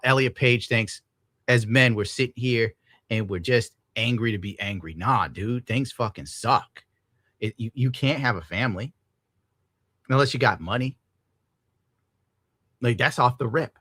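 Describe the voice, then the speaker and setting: A young man on a live stream, venting in a bitter, profane rant. His voice is bright and forceful, with a dry, close sound and no room around it. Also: mid-range voice, lively intonation, moderate pace, dry recording. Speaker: streamer reacting to a clip. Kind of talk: ranting live-stream commentary.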